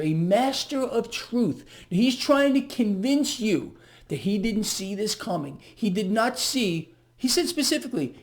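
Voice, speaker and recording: A man hosting a solo market commentary, ranting in an agitated, sarcastic, mocking way. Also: high voice.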